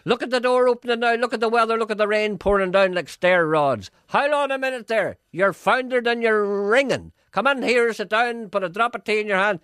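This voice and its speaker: A man's voice: a bit bright, clean tone, no echo, studio quality. A man putting on a fussing old Belfast mother. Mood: fussing, hospitable. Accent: Northern Irish. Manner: rapid, high, fussing chatter. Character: fussing older Belfast mother hosting a visitor.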